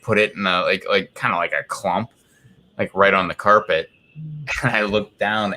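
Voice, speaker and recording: A man's voice: sits low, bright, forceful tone. A man chatting casually on a live stream from his home, rambling through a story with lots of fillers. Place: home, indoors.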